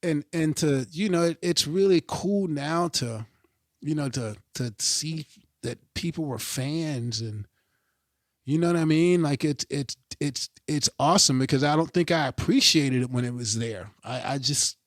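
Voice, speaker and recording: A middle-aged man talking casually as a podcast guest, emphatic and animated, swearing freely and often checking in with his listener. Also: fairly high pitch, measured pace, no room sound, clean studio sound. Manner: animated, emphatic, swears freely, keeps asking "you know what I mean". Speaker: podcast guest, pro skateboarder. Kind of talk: casual interview chat.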